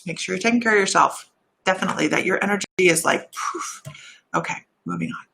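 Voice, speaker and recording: A woman giving intuitive readings on a live stream, chatty and warm, laughing at herself and drifting off topic. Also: lowish voice, animated, fast, vocal fry. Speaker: intuitive reader and shaman.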